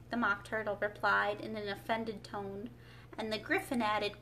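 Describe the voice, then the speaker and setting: A woman librarian reading a storybook aloud to families with clear, expressive narration. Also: mid-range voice, unhurried. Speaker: children's librarian. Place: library children's room.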